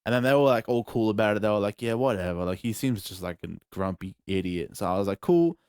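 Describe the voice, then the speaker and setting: A young Australian man, a podcast host, telling a story in casual chat, animated and profane, acting out moments with yelps. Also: lowish voice, fast talker, clear, resonant tone, no echo, clean studio sound. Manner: animated, profane, acts out scenes with yelps and shouts.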